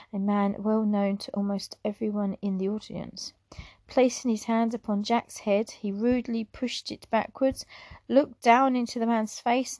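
A woman with a medium-pitched voice reads an old memoir aloud in a dry recording. Now and then she stumbles over a word and corrects herself, adding unscripted asides with soft laughs.

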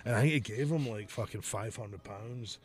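A man's voice: on the low side, moderate pace. A man casually telling a rowdy story on a podcast, swearing often and laughing as he talks. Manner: animated, profane, laughs through the story.

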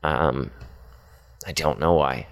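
A man with a very low voice talks through a personal confession, stopping and restarting often and leaning on fillers. His tone stays earnest and direct as he speaks to someone close to him. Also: slow, gravelly. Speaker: podcaster speaking to his partner.

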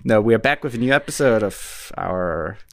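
A man's voice: lowish voice, expressive, normal speed. A man co-hosting a relationship podcast, chatting casually, joking and rambling with lots of fillers. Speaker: podcast co-host.

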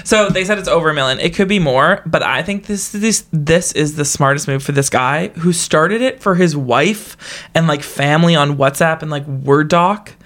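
A young woman co-hosting a podcast in casual chat, chatty, with frequent laughs and quick asides. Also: low voice, a bit bright. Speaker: podcast co-host.

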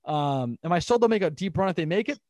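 Fast, animated young man on sports talk. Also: high-pitched, no echo. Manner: animated, rambling, quick recaps of scores. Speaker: podcast host.

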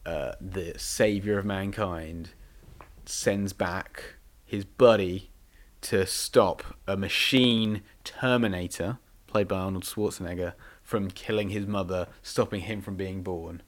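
A man with a very deep voice talks through a film in a loose, rambling way. He fills his sentences with ums and likes as he chats casually with his co-host. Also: fairly even intonation, takes it slowly. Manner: rambling, filler-heavy, enthusiastic. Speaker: podcast co-host.

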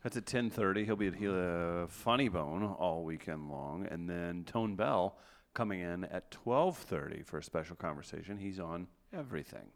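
A man's voice: deep voice, lively intonation, moderate pace, creaky. A man co-hosting a casual podcast, ribbing his co-hosts with dry teasing. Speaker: co-host.

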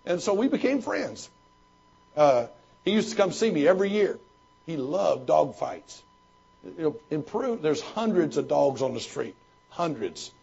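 Gravelly husky pastor man, lo-fi. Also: fairly high pitch, very animated, measured pace, warm tone. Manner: folksy storytelling with frequent restarts. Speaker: pastor and former missionary. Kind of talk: question-and-answer talk. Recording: dull lo-fi recording.

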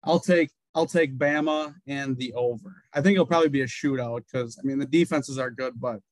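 A man co-hosting a sports podcast, giving measured, reasoned takes in casual chat. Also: medium pitch, no echo, poor audio. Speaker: podcast co-host.

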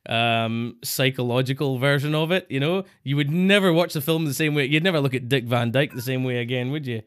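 A man's voice: medium pitch, fairly even intonation, fairly quick. Chatty man who laughs a lot. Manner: laughs often, jumps into silly put-on voices. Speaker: podcast co-host. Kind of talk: casual banter.

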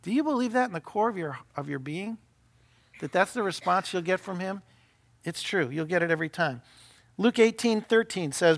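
Frequent rhetorical questions mark the animated, conversational sermon of this middle-aged senior pastor, whose high voice moves at a moderate pace.

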